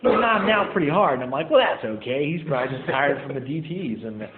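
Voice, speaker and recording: A man's voice: fairly high pitch, lively intonation, quick pace, heavy background noise. A young man sharing his recovery story with a meeting group in a loose, casual way, saying "man" and "like" often. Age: young adult. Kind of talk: personal story told to a group. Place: meeting room. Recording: echoey room over a tinny phone-like line.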